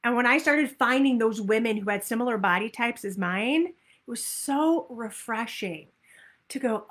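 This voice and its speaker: A woman giving a motivational talk as a weight-loss coach, upbeat and animated, acting out people's inner voices. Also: fairly high pitch, moderate pace.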